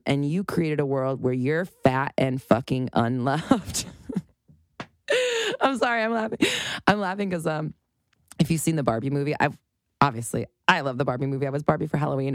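A woman's voice: sits low, no room sound, clean studio sound. A woman around forty gives an unscripted motivational monologue as a life coach, emphatic and profane, often breaking into laughter.

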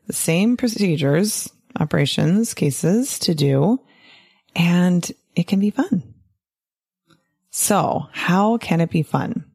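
A woman giving an animated, casual monologue to fellow doctors, often tagging her points with "right?" and laughing. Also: fairly low pitch, gravelly. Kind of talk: casual podcast-style monologue.

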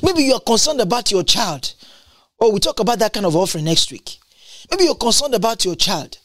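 A preacher delivering a sermon, emphatic and repetitive, with big leaps up and down in pitch and bursts of tongues. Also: very animated, fairly quick, dry recording, clean studio sound.

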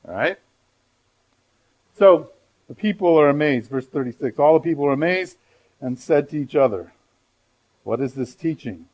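A man's voice: on the high side, low-quality recording. Man preaching a conversational sermon. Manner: conversational, emphatic preaching with rhetorical asides. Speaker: pastor. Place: church sanctuary before a congregation.

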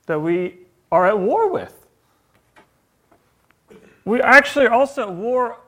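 Male preacher, high voice, animated, quizzes the congregation with rhetorical questions. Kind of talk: sermon.

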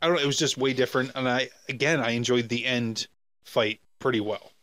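Talking fairly quickly with a mid-range, fairly bright voice and fairly even intonation, this man co-hosts a podcast and discusses a movie casually. His talk is rambling and jokey, full of fillers and restarts, and the recording is dry.

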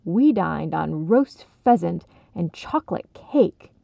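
A kindly father spins a grand tale in a gentle, theatrical manner, read by a woman. Her voice is low and gravelly, slow and unhurried. It sounds tinny and narrow like a phone, with a dry, close feel. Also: animated, no room sound, exaggerated voice. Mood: storytelling.

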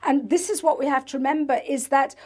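A woman's voice: high voice, brisk, a little mellow. A woman talking casually in an interview, acting out quoted voices of parents and children. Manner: chatty, acts out quoted voices of parents and kids. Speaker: guest, NLP practitioner and author.

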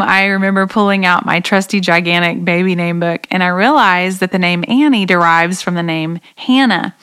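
Earnest woman in her forties, smooth voice. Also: fairly low pitch, a bit bright. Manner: earnest, reflective. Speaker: podcast host. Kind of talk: devotional talk.

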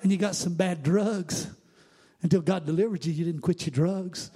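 High-voiced preacher man. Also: normal speed. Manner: swings from quiet asides to shouted, sing-song preaching. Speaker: pastor. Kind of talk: sermon.

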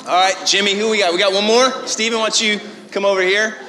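A man leading a church crowd game, loud and excited, calling out to the crowd. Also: sits high, fast. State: out of breath. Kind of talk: energetic stage hosting. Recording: echoey hall with faint music.

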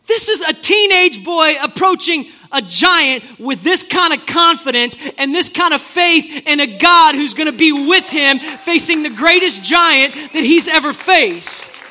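A man preaching a sermon as an animated storyteller, with joking, playful asides to the congregation. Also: very high voice, unhurried. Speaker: pastor.

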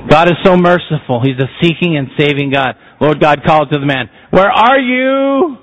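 A man's voice: on the high side, brisk. A man preaching a sermon, emphatic and posing rhetorical questions to the congregation. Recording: muffled lo-fi sound.

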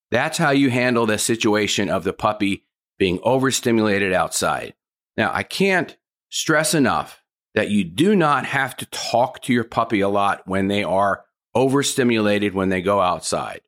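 A man's voice: mid-range voice, fairly bright tone. A man giving a dog training lesson, firm and plain-spoken, who repeats his key points. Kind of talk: instructional talk.

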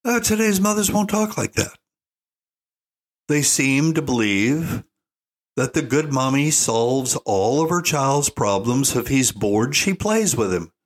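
A man's voice: medium pitch, big pitch swings, slow. An older man giving an opinionated monologue as a parenting commentator, folksy and emphatic, calling listeners "folks". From United States.

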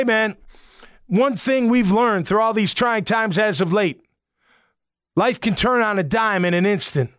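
A man's voice: sits high, fairly bright tone, dry recording, clean studio sound. A middle-aged man and former football player hosting a casual sports talk podcast, talking in an emphatic, rambling, fired-up way.

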